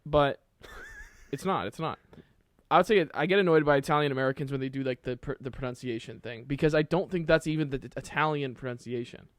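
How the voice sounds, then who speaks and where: A man's voice: mid-range voice, fairly quick, dry recording, studio quality. A young man co-hosting a podcast in casual chat, laughing often and trailing off mid-sentence. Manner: laughs a lot, trails off, restarts. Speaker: podcast co-host.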